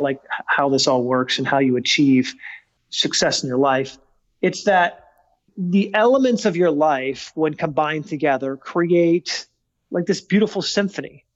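A man's voice: on the high side, expressive, normal speed, lo-fi sound. A man speaking as a guest on a podcast interview. He tells stories casually but with emphasis, and acts out the dialogue he quotes.

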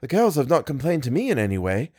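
A man voicing an excitable young woman who works as a professor's assistant, speaking eagerly and breathlessly. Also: mid-range voice, fast, slightly rough, dry recording, studio quality. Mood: polite.

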